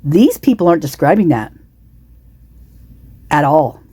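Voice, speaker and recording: A woman's voice: low-pitched, big pitch swings, a little slow, dark tone, husky, no room sound. A woman with the hiccups giving casual true-crime commentary, indignant and rambling, full of restarts and repeated words. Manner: indignant, repetitive, many restarts and asides. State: has the hiccups.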